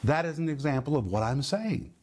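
Middle-aged male pastor, sermon delivery, emphatic with stretched-out key words, voice sits a bit high. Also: sing-song, a little mellow, breathy edge. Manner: emphatic, varied delivery with drawn-out stresses. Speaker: pastor, Bible teacher. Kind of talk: sermon teaching.

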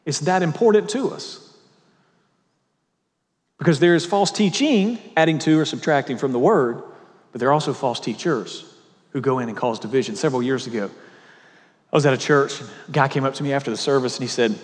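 A man preaching a sermon as a pastor, reading scripture slowly and telling stories with quoted dialogue. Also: medium pitch. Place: church sanctuary. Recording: long reverb in a church hall.

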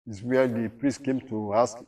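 A man leads a Bible study at a middling pitch. He reads verses aloud, then explains them and keeps asking his listeners questions. His voice sits a little back from the microphone. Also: fairly even intonation, normal speed, darkish tone, recorded from a distance. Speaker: Bible teacher.

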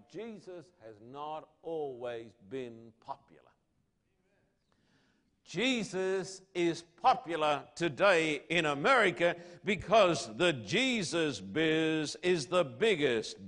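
A man preaching a sermon to his congregation, asking rhetorical questions and swinging between loud declarations and hushed lines. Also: on the high side. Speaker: pastor.

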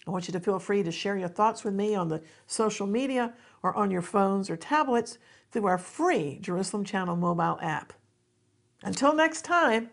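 A woman's voice: mid-range voice, creaky. A woman hosting a Christian television ministry, giving an earnest devotional teaching and appeal to viewers. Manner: earnest, exhorting, with emphatic rises.

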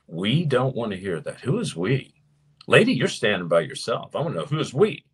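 A man preaching and teaching to his viewers as host of his show, emphatic, slowing down to stress points. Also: medium pitch, slightly rough. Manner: animated and emphatic, slows down to stress key points. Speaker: preacher hosting a live show. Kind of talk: sermon-style teaching to a live audience.

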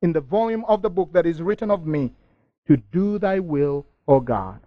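A middle-aged man preaching a fervent sermon, reading scripture aloud and rising to near shouting. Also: a little high, lively intonation, normal speed, no room sound, dull audio. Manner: reads scripture passages aloud.

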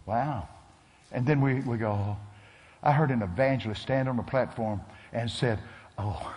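A man preaching a sermon, telling stories with animated delivery and shouting his punchlines. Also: medium pitch, normal speed. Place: church sanctuary. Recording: long hall reverb.

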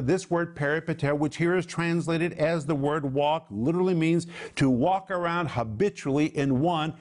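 This is a male Bible teacher hosting a television program. His voice sits slightly high, and he speaks emphatically, stretching out key words for weight. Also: darkish tone.

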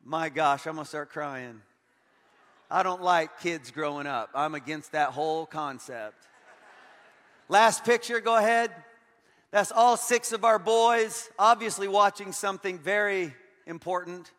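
A middle-aged man preaching as a guest pastor, lively and joking, turning earnest. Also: high voice, measured pace. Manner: energetic and joking, switching to earnest. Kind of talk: sermon. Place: large church hall. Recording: long hall reverb.

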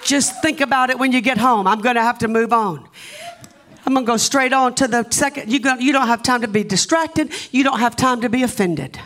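A woman with a Southern US accent, a guest preacher delivering an impassioned sermon in a church, urging the congregation and building to shouts. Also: a little high, fairly quick, some chatter behind. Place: church sanctuary.

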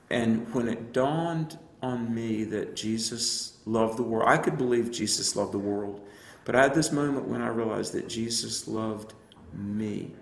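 Man, gravelly voice, earnest testimony, reflective storytelling, roomy sound. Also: mid-range voice, normal speed. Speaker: evangelist and apologist guest. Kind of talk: personal testimony in a radio interview.

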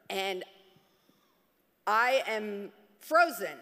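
Slow-talking woman telling a story in a hall. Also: a little high, lively intonation, fairly bright tone. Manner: storytelling, laughs often, acts out quotes. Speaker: guest speaker telling her story. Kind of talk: personal testimony on a church stage.

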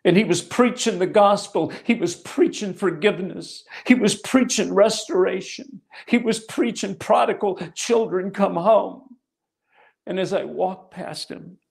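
A middle-aged man delivers a sermon, weaving a personal testimony into his teaching. His voice has a gravelly, rough edge, and he drives points home by repeating key phrases. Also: high voice, measured pace. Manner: storytelling, emphatic repetition. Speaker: pastor.

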